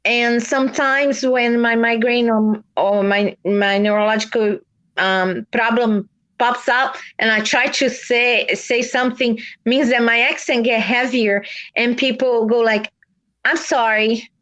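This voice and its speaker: High-voiced woman. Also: unhurried. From South America. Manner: earnest, animated storytelling with restarts. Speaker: livestream host. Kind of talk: casual chat.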